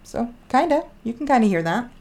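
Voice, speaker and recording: A woman's voice: fairly high pitch, very animated, a little fast, background noise. A woman co-hosting a podcast in casual chat, talking in a rambling, chatty way and often saying "like". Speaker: podcast co-host.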